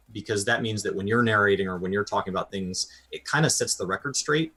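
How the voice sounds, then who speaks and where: A man's voice: on the low side, sharp tone, slightly rough. A man from North America co-hosting a gaming podcast, chatting thoughtfully with hesitant repeats. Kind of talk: casual gaming podcast chat.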